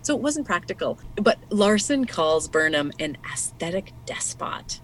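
A woman's voice: fairly low pitch, big pitch swings, measured pace, fairly bright tone, slight background noise. A woman co-hosting a podcast, talking through a nonfiction book in a thoughtful, explanatory way and laughing easily. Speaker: podcast co-host. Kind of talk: casual book discussion.

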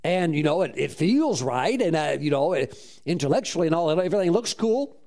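Animated preaching man. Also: fairly high pitch, a little fast. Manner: animated, exclaims and praises often. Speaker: pastor. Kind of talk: sermon storytelling.

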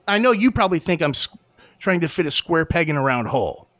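A man's voice: fairly high pitch, sing-song, fairly bright tone, dry recording. A man co-hosting a podcast, debating casually with many restarts and frequent laughs. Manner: halting, many restarts and fillers, laughs often. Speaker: podcast co-host.

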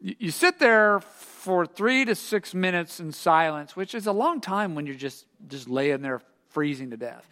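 A middle-aged man preaching a sermon, an animated storyteller who acts out the voices in his story. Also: high-pitched, unhurried, few pauses, long reverb tail. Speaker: pastor. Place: church sanctuary.

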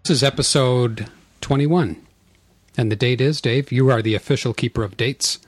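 Husky-voiced man hosting a podcast. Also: medium pitch, moderate pace, dry recording. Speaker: podcast host. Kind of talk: casual chat.

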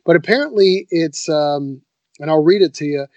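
An enthusiastic, laid-back man chatting casually as a podcast co-host, his voice sitting a little high. The sound is dry and somewhat dull and muffled. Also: moderate pace, mellow, no room sound. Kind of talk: casual chat.

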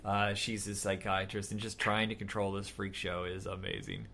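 A man's voice: low-pitched, normal speed, vocal fry, pushed and bright, a little hiss or hum. A man co-hosting a casual movie-review podcast, making wry, laughing, profane asides. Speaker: podcast co-host.

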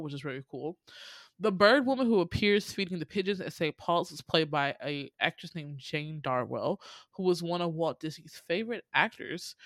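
A woman's voice: deep voice, fairly bright tone, no echo. A young woman hosting a casual chat, reading out film trivia with sassy asides and frequent ums. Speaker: podcast host.

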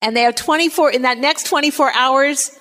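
A woman giving a Scripture study lecture, explaining calmly and reading Bible passages aloud. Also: high voice, fairly quick. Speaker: Bible teacher. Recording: long hall reverb.

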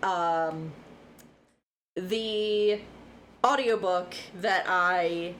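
A woman's voice: lowish voice, very slow, fairly bright tone. A young adult woman co-hosting a podcast, chatting casually and frankly, rambling through her points and swearing now and then. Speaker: podcast co-host. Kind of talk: casual chat. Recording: faint background noise.

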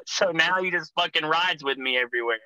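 Brisk and on the high side, this young man's voice has a bright, forceful tone. He's a pro wrestler guest chatting casually, spinning rambling, profanity-packed stories from the road, captured on a dry, rough recording.

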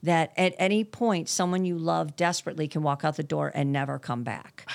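A woman's voice: low-pitched, steady tone, a little fast, gravelly, darkish tone. A woman in her sixties in casual conversation, speaking candidly and earnestly about her family. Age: 60s. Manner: candid and earnest, sprinkles mild swearing.

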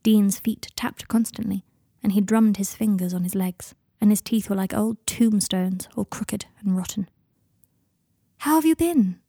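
A woman narrating a fan-fiction story in an even, steady storytelling manner. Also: medium pitch, normal speed, creaky, hardly any pauses, breathy edge, no room sound, clean studio sound. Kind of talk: audiobook narration.

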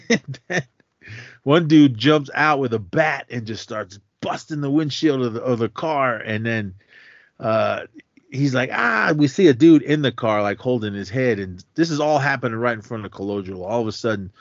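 A man's voice: medium pitch, lively intonation, moderate pace, no echo. A man co-hosting a podcast, animatedly retelling a film scene in casual chat and acting out the scenes. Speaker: podcast co-host. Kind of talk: casual movie recap chat. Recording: dull lo-fi sound.

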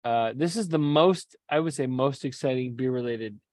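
A man's voice: medium pitch, normal speed, a little mellow, dry recording. Dry close-miked joking male podcaster. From Canada. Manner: joking, profane, self-deprecating. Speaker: podcast co-host. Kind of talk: casual chat.

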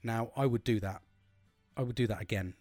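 A British man speaks in a plain, mid-range voice, cursing freely as he rambles through a candid personal monologue. His delivery turns forceful and preachy when he hands out advice, and the recording is dry and close. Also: mid-range voice, a little fast, no echo, faint music behind. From United Kingdom. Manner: blunt, sweary and rambling, with frequent restarts; gets emphatic and preachy when giving advice. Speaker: vlogger.

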